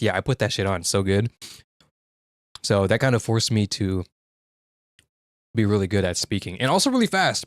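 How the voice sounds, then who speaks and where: Young man, streamer, casual chat, blunt and sweary, mid pitch, dry room. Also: no echo. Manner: frank, profane, with quick restarts.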